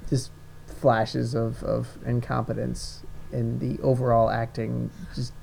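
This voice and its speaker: A man's voice: mid-range voice, level tone, takes it slowly, gravelly, darkish tone, slight background noise. A man co-hosting a casual movie review chat, rambling with stumbling restarts and frequent laughter. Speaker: podcast co-host.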